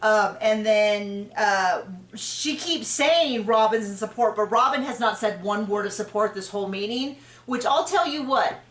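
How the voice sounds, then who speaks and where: A woman hosting a podcast, chatting frankly and opinionatedly about a reality show, with quick asides and self-corrections. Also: medium pitch, a bit bright. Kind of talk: casual opinionated chat. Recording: roomy distant mic.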